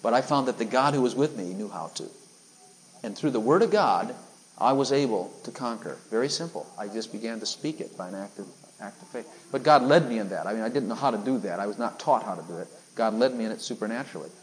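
A man's voice: fairly low pitch, expressive, quick pace, slight background noise, poor audio. A man preaching, telling a personal story earnestly, acting out voices and sometimes breaking into extravagant singing. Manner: earnest storytelling, acts out his own lines, bursts into extravagant sung phrases. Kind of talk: sermon testimony.

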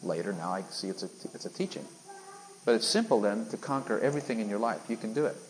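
A man's voice: fairly low pitch, animated, fast, a little hiss or hum, low-quality recording. A man preaching, telling a personal story earnestly, acting out voices and sometimes breaking into extravagant singing. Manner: earnest storytelling, acts out his own lines, bursts into extravagant sung phrases. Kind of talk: sermon testimony.

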